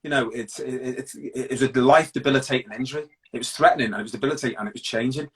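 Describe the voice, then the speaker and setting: A man's voice: medium pitch, fairly even intonation, fairly bright tone, poor audio. A middle-aged man from Britain, a guest in an interview, telling his story openly and bluntly with many restarts. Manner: open, blunt, halting with restarts.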